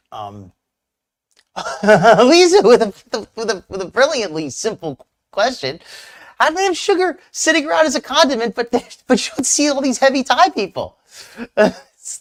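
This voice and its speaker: A man's voice: very high voice, wildly swooping pitch, moderate pace. A man hosting a live stream, commenting casually on a clip in a rambling, hesitant way with many restarts. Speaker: streamer host reacting to a clip.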